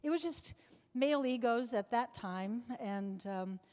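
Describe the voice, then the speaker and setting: A woman's voice: a little high, unhurried, a little mellow. A woman in her seventies, a guest in a live interview before an audience, telling long anecdotes with frequent restarts. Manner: chatty anecdotal storyteller with many restarts. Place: large club function room before an audience. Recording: reverberant hall.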